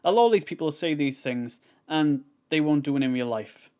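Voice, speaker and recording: A man's voice: on the high side, lively intonation, moderate pace, darkish tone. Rambling man reacting to clips. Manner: rambling, filler-heavy, exasperated. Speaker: reaction video host. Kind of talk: casual commentary.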